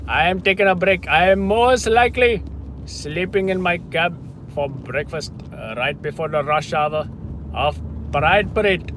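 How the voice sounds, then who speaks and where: A man putting on an Indian accent to play a tired male cab driver, speaking loudly and emphatically. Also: fairly high pitch, unhurried, a little hiss or hum, low-quality recording. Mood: complaining. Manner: loud, emphatic put-on accent.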